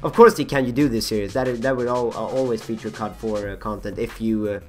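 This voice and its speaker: Rambling young man, husky voice, faint music. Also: on the low side, fairly even intonation, fast talker, darkish tone. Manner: rambling, self-mocking, many fillers and restarts. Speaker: gaming channel host. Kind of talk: rambling gameplay commentary.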